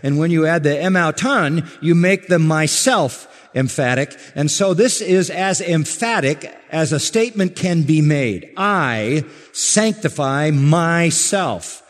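Emphatic male preacher in a reverberant hall. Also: a little high. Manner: measured, emphatic preaching with slow stressed phrases. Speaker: pastor. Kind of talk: sermon.

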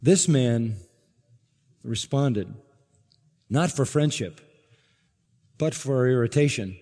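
A man preaching an expository sermon, emphatic, swinging from loud exclaims to low asides and asking the congregation questions. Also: big-room sound. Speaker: pastor.

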